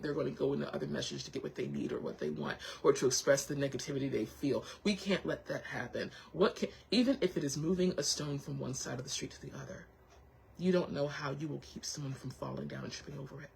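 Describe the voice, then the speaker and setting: In a rough recording with a little hiss or hum, a woman with a low, gravelly voice hosts a casual motivational chat. She is encouraging and heartfelt, thinks aloud with frequent restarts, and repeats her reassurances.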